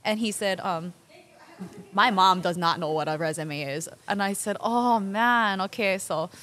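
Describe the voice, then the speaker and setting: A woman's voice: mid-range voice, a little slow, fairly bright tone. A woman from Hawaii, a local business owner, telling stories as a podcast guest and acting out dialogue with frequent laughs. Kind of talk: conversational storytelling.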